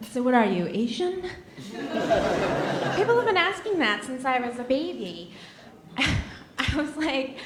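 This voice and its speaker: A woman's voice: on the high side, slight background noise. Woman, thirties, stand-up comic, wry sardonic delivery, roomy club sound. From Massachusetts, USA. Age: 30s. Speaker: stand-up comedian. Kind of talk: stand-up comedy set. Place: comedy club stage.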